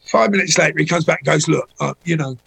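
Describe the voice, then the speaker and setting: A middle-aged man spins anecdotes in a casual chat, his voice rough and gravelly with a husky edge. He sits a little high for a man. He jumps into the voices of the people in his stories. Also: fast, poor audio. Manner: anecdotal, animated when voicing people in stories. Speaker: guest.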